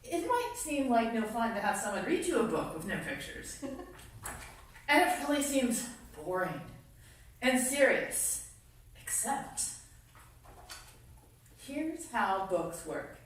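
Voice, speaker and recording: A woman's voice: a little high, sing-song, slow, pauses often, a little hiss or hum. A woman reading a silly children's book aloud to kids during a congregation service, playful and laughing, making goofy sounds. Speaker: reader of the children's story. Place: congregation meeting room. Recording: very echoey hall, voice far from mic.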